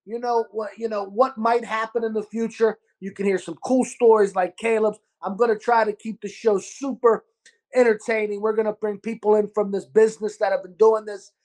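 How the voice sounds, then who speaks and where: A man with a New York accent hosting a casual podcast, talking in an animated, gruff way and calling people dude and brother. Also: high voice. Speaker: podcast host and restaurant owner.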